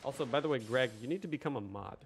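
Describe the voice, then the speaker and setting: A man's voice: medium pitch, expressive, very fast, vocal fry, soft background music. A young man hosting a casual livestream, chatty and rambling as he talks to his chat. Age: young adult. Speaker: livestream host.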